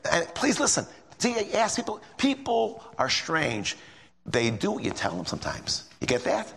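A middle-aged man leading a folksy, rambling bible study sermon, emphatic and full of restarts, with a gravelly, husky voice. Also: a little high, big pitch swings, moderate pace, a bit bright. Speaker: lay preacher. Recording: echoey hall with long reverb.

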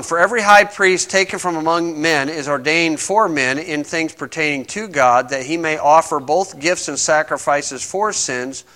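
Male preacher, conversational sermon, high-pitched, bright tone, slow scripture reading. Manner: conversational, emphatic, reads scripture aloud slowly.

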